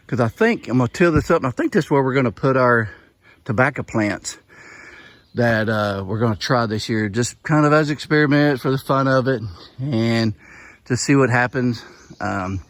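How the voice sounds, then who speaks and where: A middle-aged homesteader with a Southern US drawl talks his way around the yard outdoors, a bit winded from walking. His voice sits at an ordinary mid pitch, folksy and loose, and his sentences wander and restart. A faint outdoor hiss runs under him. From Southern United States. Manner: folksy and rambling, with frequent restarts. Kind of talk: casual walk-around vlog.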